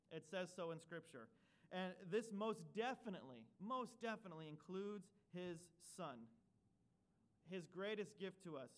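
High-voiced man preaching a sermon. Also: clear, resonant tone. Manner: animated storytelling, acting out his childhood self; slow, soft prayer. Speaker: pastor. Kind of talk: sermon with personal story and prayer. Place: church.

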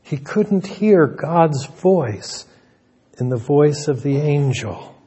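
A man's voice: on the high side, lively intonation, slow pace, warm tone, slightly rough. A male pastor preaching a sermon in an earnest manner, often repeating words as he restarts a thought.

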